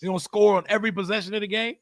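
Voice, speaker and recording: A young man hosting a live sports watch party stream, reacting excitedly and answering chat with big swings between shouting and mumbling. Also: high voice, rapid-fire, dry recording.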